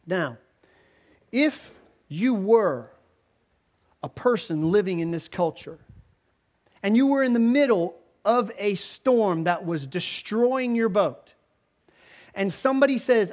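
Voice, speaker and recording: A man preaching a sermon, retelling the story in a casual, animated way with filler words. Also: high voice, a little slow. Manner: animated storytelling, voicing characters in quotes. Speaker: pastor.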